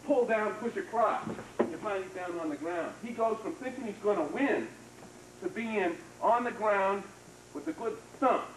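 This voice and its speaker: A man's voice: sits high, moderate pace. A man teaching a karate seminar, talking casually as he demonstrates moves, coaching students with short praise. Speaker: karate instructor. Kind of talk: hands-on martial arts seminar teaching. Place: training hall. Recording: echoey hall, distant mic, noisy 1990s video.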